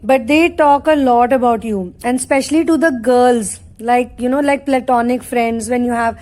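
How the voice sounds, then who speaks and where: A woman's voice: a little high, moderate pace, a little mellow. A woman giving a spiritual channeling reading as a tarot reader, talking in a rambling way with many asides.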